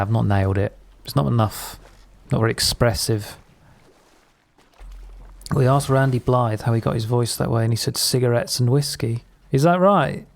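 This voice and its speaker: A man's voice: medium pitch, gravelly. A man streaming a game, chatting with viewers in a rambling, sweary, jokey way. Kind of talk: casual live-stream chat while gaming.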